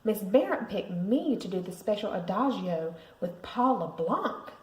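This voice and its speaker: A woman voicing an excitable young girl who loves ballet, speaking eagerly. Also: medium pitch, measured pace. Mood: excited. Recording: roomy echo.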